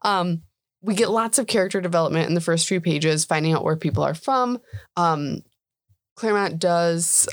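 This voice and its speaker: A woman's voice: lowish voice, moderate pace, no room sound, studio quality. A woman co-hosting a podcast in casual chat, talking chattily with lots of laughs and "like"s. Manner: chatty, laughs often, says "like" a lot. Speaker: podcast co-host.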